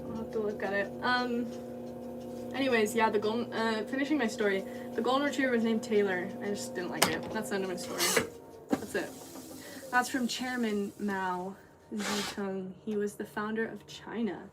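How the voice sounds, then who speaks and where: A woman's voice: mid-range voice, normal speed, loud music behind the voice. A woman potter on a livestream, chatting casually and rambling to viewers while she works in her studio. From United States. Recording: voice a bit distant, steady hum behind.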